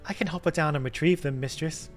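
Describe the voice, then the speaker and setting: A man's voice: on the high side, fast, soft background music, natural voice. Man playing a formal robot servant. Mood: dutiful.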